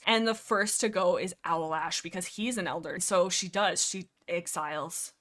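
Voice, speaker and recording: A woman's voice: lowish voice, moderate pace, few pauses, fairly bright tone. Woman, casual gaming storyteller, chatty, many fillers, acts out character lines. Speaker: gaming YouTuber. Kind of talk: casual let's-play storytelling.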